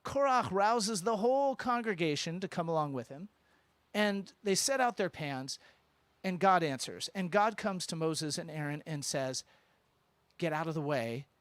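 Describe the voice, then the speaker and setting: A man teaching a congregation in a synagogue, lively and informal, with joking asides and questions to the room. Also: sits high, normal speed, no echo. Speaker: rabbi teaching at a Shabbat service. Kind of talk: interactive sermon with congregation. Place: synagogue sanctuary.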